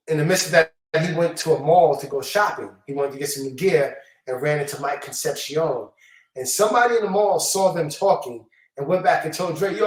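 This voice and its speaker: A middle-aged hip-hop producer, appearing as a guest in a casual storytelling interview, speaks in a slightly high voice. He tells stories in slangy, animated talk and acts out the quotes, recorded far from the mic with roomy, off-mic echo.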